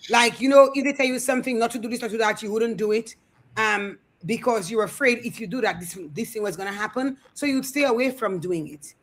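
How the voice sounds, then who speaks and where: A middle-aged woman co-hosting a casual talk show, telling animated family stories and acting out the voices. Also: fairly high pitch, fast talker, rough recording. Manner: animated storyteller, acts out quotes. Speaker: co-host. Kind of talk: casual storytelling chat. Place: studio.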